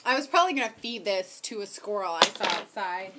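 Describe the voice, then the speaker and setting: A young woman chatting casually to her camera at home, rambling and self-mocking, talking loudly with headphones on. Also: mid-range voice, expressive, a little fast, heavy background noise. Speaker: vlogger. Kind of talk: casual chat. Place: home, indoors.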